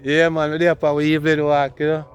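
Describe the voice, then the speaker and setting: A man's voice: on the high side, completely flat delivery, quick pace, smooth. A man vlogging casually on an evening walk outdoors, chatting to his viewers as he goes. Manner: laid-back, talks to viewers while walking. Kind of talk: casual walking vlog.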